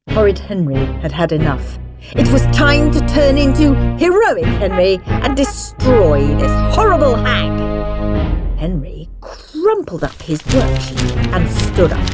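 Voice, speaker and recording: A woman narrating a children's audiobook in a lively, expressive way. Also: fairly low pitch, normal speed, faint music behind. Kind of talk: storybook narration.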